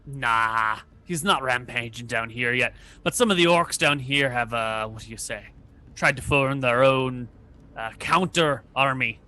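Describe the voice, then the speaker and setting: A man's voice: mid-range voice, unhurried, pushed and bright. A man voicing a blunt, distrustful male dwarf gate guard who swears freely in a tabletop role-play game. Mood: friendly.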